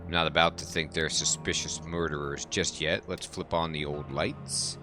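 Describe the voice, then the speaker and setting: A man's voice: a bass voice, fairly even intonation, normal speed, over music. A man hosting a game playthrough, rambling and thinking aloud in casual commentary. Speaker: let's play host.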